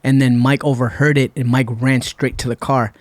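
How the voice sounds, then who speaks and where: A man's voice: mid-range voice, moderate pace, dry recording. A man from Puerto Rico, a guest on a podcast, telling a long story in a casual way and acting out what people said. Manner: relaxed, retells events with quoted dialogue. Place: podcast studio.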